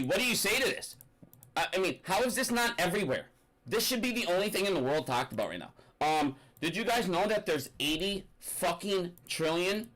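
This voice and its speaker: A man's voice: on the high side, bright, forceful tone, poor audio. Angry, profane man ranting. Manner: angry, profane, rambling rant. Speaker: finance commentator. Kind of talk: ranting commentary.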